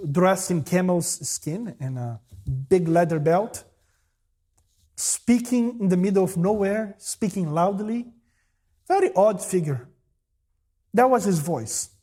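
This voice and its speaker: A man who is a pastor, preaching a sermon in an animated way and acting out the voices he quotes. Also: high-pitched.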